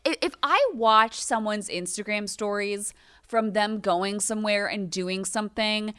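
A woman's voice: medium pitch, steady tone, measured pace, bright, forceful tone, clear, resonant tone, no room sound, clean studio sound. A woman in her thirties co-hosting a podcast, ranting in casual, profane, exasperated chat. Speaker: podcast co-host.

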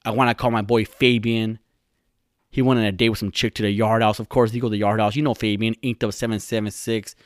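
A man's voice: on the low side, level tone, fast, no room sound. Young male podcast host, foul-mouthed, rambling mockery, dry close sound. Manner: profane, rambling, mocking. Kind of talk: solo podcast rant.

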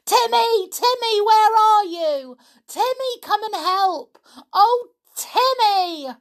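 A woman reading a children's book aloud, voicing a girl who cries out in shrill desperation. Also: expressive, very slow, heavily acted. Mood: desperate. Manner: high, shrill calling out. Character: George, a girl crying out desperately.

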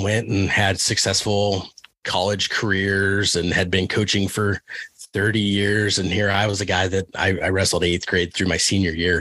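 A low-voiced man from Kansas, a wrestling coach, talks earnestly in a relaxed interview. He often restarts his sentences and leans on fillers. The recording is dry and close, with no room sound. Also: dry recording. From Kansas, USA. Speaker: wrestling coach and podcast guest. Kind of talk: casual interview chat.

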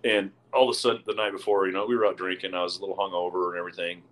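A man with a low-sitting voice talks very fast on a rough recording. As a podcast co-host, he tells his friends a crude golf story in casual storytelling, laughing and swearing heavily throughout his animated anecdote.

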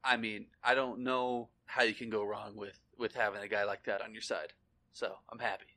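A man's voice: lowish voice, little pitch movement, normal speed, sharp tone. A man co-hosting a podcast in casual chat, joking and slipping into silly voices. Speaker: podcast co-host.

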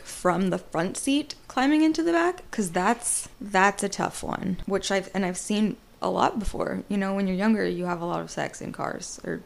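A young woman hosts a podcast in a casual solo monologue. Her voice sits at a middle pitch with a lot of vocal fry. She talks bluntly and rambles, swearing freely as she goes. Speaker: podcast host.

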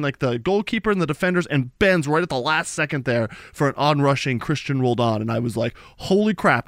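A young man co-hosting a casual sports podcast, telling stories in an animated way and laughing often. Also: a little high, no room sound, studio quality. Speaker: podcast co-host.

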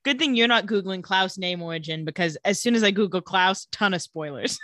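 A woman co-hosting a casual podcast, recapping an episode and acting out the characters' lines with animated storytelling. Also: mid-range voice, brisk, few pauses, a little hiss or hum. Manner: animated storytelling, acts out quotes. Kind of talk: casual chat.

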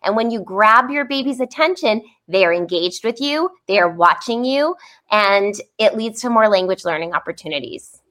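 A woman's voice: mid-range voice, animated, moderate pace, a bit bright. A woman and parent on a podcast, explaining in a chatty, upbeat, confiding way. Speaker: guest speech expert, parent.

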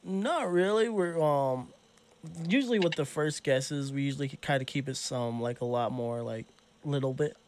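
A man hosting a podcast in casual chat, laid-back and quick to laugh. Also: medium pitch, a little mellow. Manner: laid-back, laughs easily, short reactions. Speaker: podcast host.

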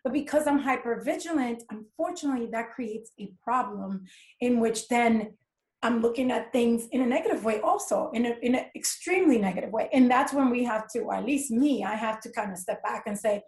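A woman's voice: fairly high pitch, animated, a little fast, a little mellow. A middle-aged woman speaking as a podcast guest, candid and emphatic as she tells stories from her working life. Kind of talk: casual conversation.

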